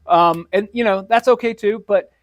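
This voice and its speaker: A man's voice: sits high, moderate pace, no room sound. A man co-hosting a podcast as a comic shop retailer, chatting casually with wry, dryly sarcastic asides.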